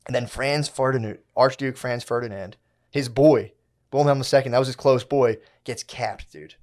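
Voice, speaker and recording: A man's voice: mid-range voice, normal speed, a little mellow. A young man rambling through a story on a podcast, loose and full of slang and swearing. He keeps slipping into mocking voices for the people he talks about. It comes across as an easy chat between friends. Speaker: podcast co-host. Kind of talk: casual chat.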